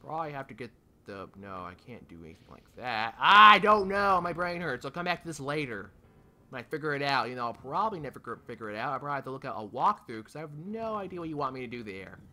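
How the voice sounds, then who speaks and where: With a quick pace and an expressive, mid-range voice that sounds pushed and bright, a young gaming host narrates a let's play. He addresses the game directly, swearing and pleading out of frustration.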